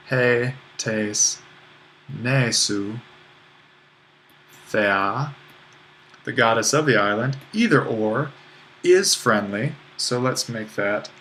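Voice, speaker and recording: A man's voice: on the low side, a bit bright, slight background noise. A man teaching, working through grammar exercises and patiently correcting himself as he goes, with a little dry humor. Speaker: Greek teacher.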